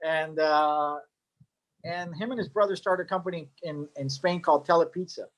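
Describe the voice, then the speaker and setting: A man's voice: fairly high pitch, moderate pace, fairly bright tone. A middle-aged man casually telling his story as a cigar maker, rambling with joking asides and lots of fillers.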